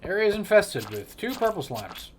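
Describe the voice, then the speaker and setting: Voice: mid-range voice, very animated, normal speed, background noise. A game streamer giving playful, chatty let's-play commentary with wry asides. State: tired legs after a run. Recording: clear game music behind the voice. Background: game music.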